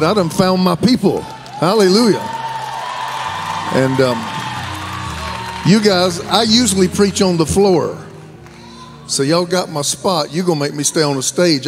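Southern preacher man, folksy and fervent. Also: fairly high pitch. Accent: Southern American. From American South. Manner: folksy, joking, rising to shouted fervor. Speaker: guest pastor. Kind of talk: sermon. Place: large church sanctuary.

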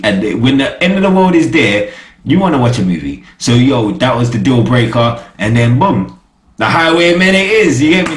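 Slangy young man reviewing, echoey room. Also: medium pitch. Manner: slangy, animated, keeps asking "you get me?". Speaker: TV show reviewer. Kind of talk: casual review chat.

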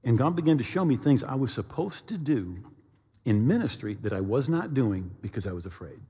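Middle-aged male pastor, husky and lively, animated storyteller, long hall reverb. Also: medium pitch, brisk. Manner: animated storyteller with sound effects and acted quotes. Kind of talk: sermon storytelling.

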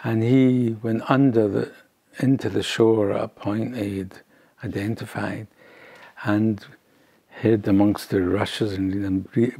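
Slow, gravelly older man telling a story. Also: medium pitch, darkish tone. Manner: rambling, halting with restarts and trailing phrases. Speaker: interviewee. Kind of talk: oral history storytelling.

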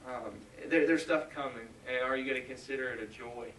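A man's voice: mid-range voice, fairly even intonation, fairly bright tone, far from the mic, a little hiss or hum. Earnest young man preaching in an echoey hall. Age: 20s. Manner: earnest, halting, with many restarts and asides. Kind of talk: sermon with personal story. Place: large church hall.

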